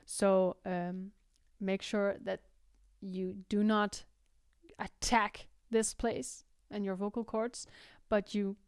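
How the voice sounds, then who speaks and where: A woman teaching singing, explaining technique and breaking into loud, high vocal exercises between her explanations. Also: flat delivery, takes it slowly, clear, resonant tone, no echo, studio quality. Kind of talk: vocal tutorial with sung demonstrations.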